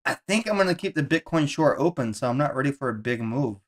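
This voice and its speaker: A man's voice: mid-range voice, animated, quick pace. A man streaming live, talking casually and asking questions with a dry, wry manner. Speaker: streamer and crypto trader.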